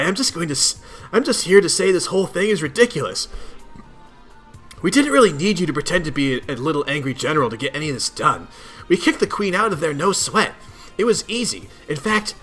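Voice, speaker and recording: Taunting, bragging troll girl, voiced by a man, bright and lively. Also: a little high, full character voice. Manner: smug, taunting. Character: smug teenage female troll, boastful.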